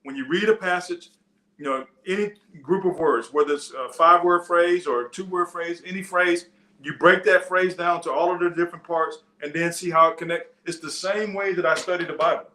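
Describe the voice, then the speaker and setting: A man's voice: a little high, fairly quick, bright, forceful tone, reverberant. A man preaching a sermon in a loose, conversational teaching style, with frequent restarts and side stories. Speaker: pastor. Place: church.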